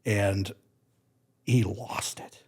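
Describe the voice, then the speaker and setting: Husky man telling road stories. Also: on the low side, very slow. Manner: animated, acts out other people's lines. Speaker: guest musician. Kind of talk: casual storytelling.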